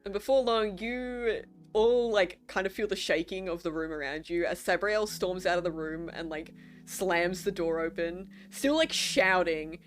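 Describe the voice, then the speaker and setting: A woman's voice: fairly low pitch, measured pace, soft background music. A woman narrating a tabletop role-play game as game master, in a casual, filler-heavy way.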